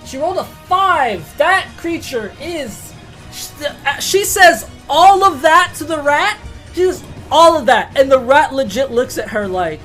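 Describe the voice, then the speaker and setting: A woman runs a tabletop game in a loose, swearing manner, laughing at the dice as she narrates. Her voice is high, with faint music in the background. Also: expressive, measured pace, a bit bright. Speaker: game master.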